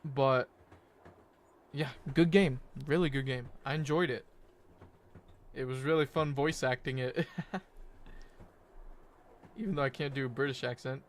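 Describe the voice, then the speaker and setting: A man's voice: medium pitch, steady tone, a little slow, pauses often. A young man streaming, wrapping up a game session in a rambling, laid-back chat with his viewers, full of fillers and self-corrections.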